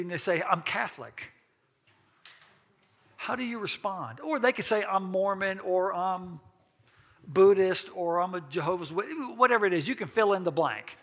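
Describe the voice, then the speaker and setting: A man with a high, gravelly voice leads a church class, throwing questions to the room in a folksy manner. His tone is bright and a little husky, and he laughs easily as he teaches.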